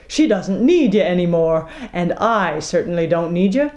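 A woman's voice: on the low side, animated, moderate pace, a little mellow, close to an everyday voice. A woman voicing a smug, cruel male pirate captain who speaks in a syrupy, gloating way. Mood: scornful.

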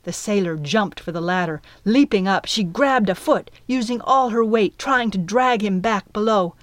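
A woman narrates an audiobook at a measured, steady pace. The recording is close and completely dry, with no room sound around her voice. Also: mid-range voice, dry recording.

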